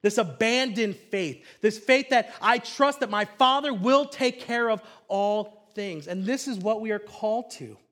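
A high-pitched man in his thirties delivers a pastor's sermon. He tells stories with animation, dropping to a hush and then rising loud again. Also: measured pace, few pauses. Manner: animated storytelling, swinging from hushed to loud.

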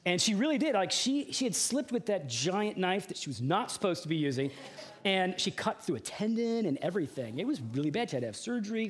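A male pastor preaching a sermon in a fairly high voice. He tells a personal story in a loose, conversational way, with chatty asides and filler words. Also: sing-song, fairly quick.

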